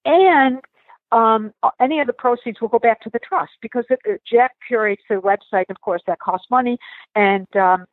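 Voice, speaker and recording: A woman's voice: mid-range voice, no echo. A woman guest speaking emotionally in a casual interview, often restarting her sentences and laughing easily. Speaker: guest author and storyteller. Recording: tinny phone-like remote call.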